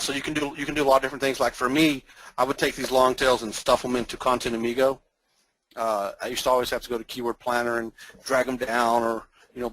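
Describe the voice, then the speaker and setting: A man with a North Texas accent giving a casual, rambling screen-share demo of software as a webinar presenter. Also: medium pitch, no echo, poor audio. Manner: folksy, rambling, chuckles often.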